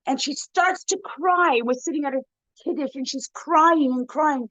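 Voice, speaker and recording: A woman with a fairly high voice tells a story to a women's circle over a video call. She speaks in an animated, conversational way, often saying "you know" and restarting her sentences. The call audio is dull and muffled, with a dry sound and no room echo. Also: normal speed. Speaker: rebbetzin giving a talk to a women's circle. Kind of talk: storytelling inspirational talk.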